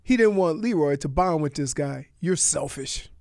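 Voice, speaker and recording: A man's voice: fairly high pitch, animated, moderate pace, darkish tone, no room sound, studio quality. A man co-hosting a radio sports show, reading listener texts and teasing with frequent laughs.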